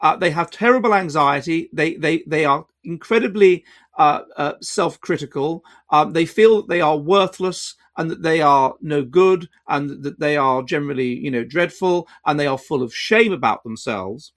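A man hosting an educational video, explaining in a measured, lecturing way with restarts and quiet asides. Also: a little high. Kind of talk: explanatory talk to camera.

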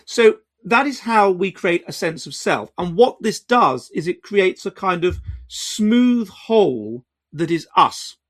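A man hosting an educational video, explaining in a measured, lecturing way with restarts and quiet asides. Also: sits high. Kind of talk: explanatory talk to camera.

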